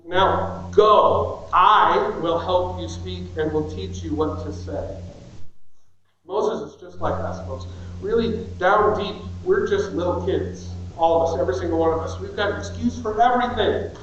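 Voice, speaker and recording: A middle-aged pastor delivering an animated sermon, acting out children's whiny excuses. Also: male voice, high voice, moderate pace. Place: church sanctuary. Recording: echoey church sanctuary, dull sound.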